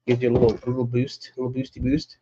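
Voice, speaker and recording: A man's voice: medium pitch, monotone, very fast, mellow, dull audio, slight background noise. A man hosting a casual live stream, chatting in a laid-back way, greeting viewers by name and laughing often.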